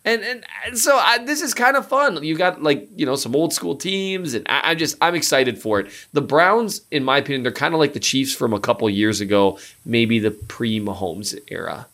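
Guy mid-life chatting football on a podcast, lively, voice jumps up high when he gets into it. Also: moderate pace, hardly any pauses. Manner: animated, jumps in pitch when emphatic. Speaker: sports podcast co-host. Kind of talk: casual sports chat.

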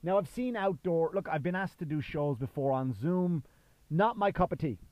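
Rambling through a casual solo episode of his own podcast, this Irish-born comedian in his thirties fills his speech with fillers and restarts, his accent faded after years in the US. He sounds a little high, expressive and at normal speed, with no echo and the highs cut off.

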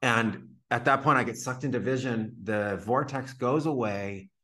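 A man's voice: medium pitch, unhurried, pushed and bright, a little hiss or hum. A man being interviewed as a podcast guest, telling a long personal story casually with lots of "like" fillers. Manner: vivid retelling full of "like" fillers.

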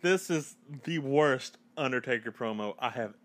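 A man's voice: medium pitch, normal speed. A man co-hosting a podcast, teasing and prompting his co-hosts in casual chat. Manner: animated, teasing, prompts others. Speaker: podcast co-host.

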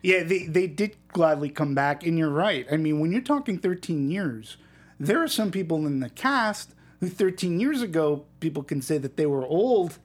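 A woman hosting a casual panel film review, chatty and halting with restarts. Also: low voice, lively intonation, slightly rough. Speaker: host.

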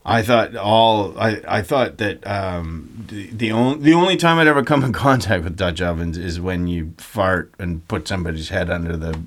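A man's voice: deep voice, moderate pace, hardly any pauses. A man co-hosting a casual comedy chat, teasing his friend playfully and laughing easily. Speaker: podcast co-host.

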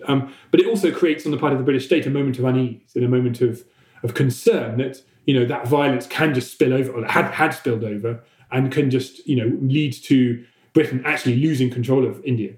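A man of middle pitch explains history unscripted for a podcast, stumbling through fillers, repeated words and false starts. His voice carries a noticeable room echo. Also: a little mellow. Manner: halting, many fillers and restarts. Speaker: historian answering listener questions.

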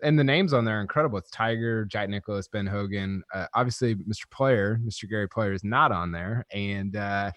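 Low-voiced wry golf writer man. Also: a little fast, few pauses, a bit bright, no room sound. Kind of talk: casual podcast chat.

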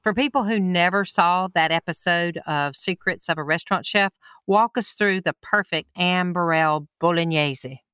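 A woman hosting an interview, asking questions with warm enthusiasm. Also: fairly low pitch, moderate pace, clear, resonant tone, dry recording, clean studio sound. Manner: warmly enthusiastic, admiring questions. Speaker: interviewer host. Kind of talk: interview conversation.

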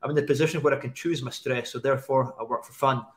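A man's voice: medium pitch, fairly even intonation, quick pace. A man who is a guest on a casual podcast, talking in a blunt, matter-of-fact way with some swearing.

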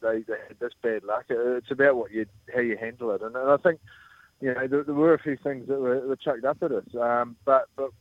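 A man's voice: mid-range voice, fairly quick, no echo. Man on a tinny phone line. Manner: relaxed, hesitant, many fillers. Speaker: former rugby captain guest. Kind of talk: casual radio interview.

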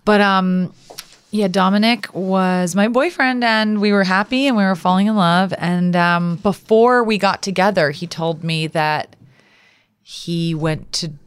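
A woman co-hosting a podcast in casual chat, an animated storyteller who acts out the dialogue she quotes. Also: medium pitch, a little slow, clear, resonant tone, dry recording. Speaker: podcast co-host.

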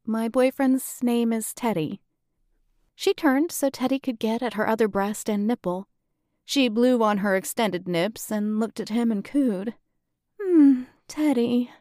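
A woman narrating a first-person audiobook in a steady, matter-of-fact way. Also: a little high, dry recording, studio quality.

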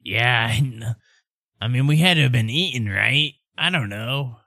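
A bewildered, apologetic father, as a man puts him on for a tabletop game, speaking slowly in a plain voice. The recording is close and dry. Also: mid-range voice, bright, forceful tone, no room sound. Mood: dazed. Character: dazed, apologetic father just released.

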